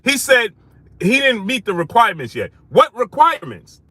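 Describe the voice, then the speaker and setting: A man hosting a live stream, shouting out viewers by name and repeating phrases for emphasis as he rises to heated outrage. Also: high voice, sing-song, normal speed, no room sound.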